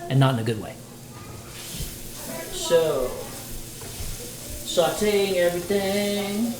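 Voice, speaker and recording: A playful, chatty man talks to his stream viewers while he cooks at home. His voice bounces around a roomy kitchen, and a sizzling pan is clearly heard behind him. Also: sits high, expressive, slow pace, long pauses, noisy background. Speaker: livestreamer cooking dinner. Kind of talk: casual livestream chat while cooking.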